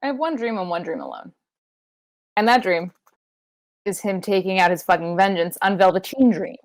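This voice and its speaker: Co-hosting a wrestling podcast, a woman with a mid-range voice and big pitch swings recaps matches at a moderate pace. The chat is casual, packed with playful wordplay and frequent swearing.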